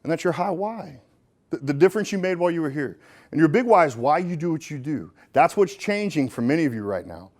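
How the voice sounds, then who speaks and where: A middle-aged man giving a live motivational keynote on stage, folksy and joking, swinging between punchy lines and hushed ones. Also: on the high side, big pitch swings, brisk. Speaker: motivational speaker. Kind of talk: live keynote speech to an audience. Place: stage in front of a live audience.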